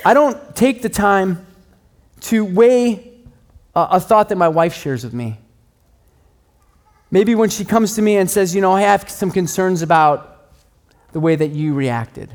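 A middle-aged male pastor delivering a sermon in a relaxed, conversational way. His voice sits a little higher than most men's, and he pokes fun at himself as he tells everyday stories. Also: unhurried, pauses often. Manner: conversational, self-deprecating storytelling.

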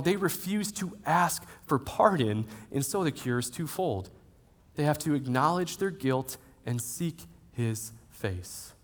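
A man preaching to a congregation in an auditorium, his voice sitting at a middling pitch. He swings often between loud, emphatic passages and soft, slowed-down phrases, with conversational asides mixed into the sermon. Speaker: pastor. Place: church auditorium. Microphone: handheld or headset mic.

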